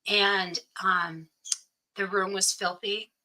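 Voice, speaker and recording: A woman's voice: medium pitch, level tone, slow pace, pushed and bright, poor audio. A middle-aged woman, a guest in an interview, telling a personal story and acting out what each person said. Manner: recounts events by acting out quoted dialogue.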